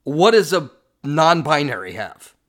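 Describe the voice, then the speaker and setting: Middle-aged male podcast host, blunt sarcastic commentary, animated and fairly high voice. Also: a little slow. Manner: blunt, sarcastic, repeats himself with restarts. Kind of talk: opinionated commentary on played clips.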